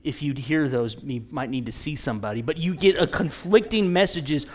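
A man in his forties preaching in a conversational, animated way, telling stories with frequent restarts. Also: fairly high pitch, moderate pace. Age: 40s.

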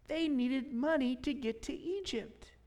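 A man preaching a sermon, telling a story with lively swings between loud emphasis and hushed whispers. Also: very high voice, measured pace. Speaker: pastor.

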